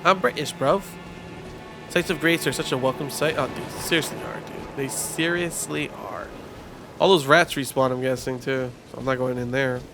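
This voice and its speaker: A man giving casual live commentary while streaming a game, talking to his chat in an excitable, rambling, slangy way. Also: medium pitch, brisk, hardly any pauses. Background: game music.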